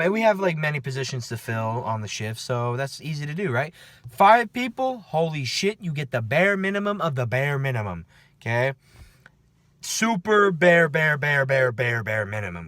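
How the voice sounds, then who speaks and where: In a casual, profane after-work vlog, a man who works night-shift security tells stories from his shift, constantly checking in with "okay?" and "right?". His mid-range voice is sing-song, a little fast, a bit bright, with no echo.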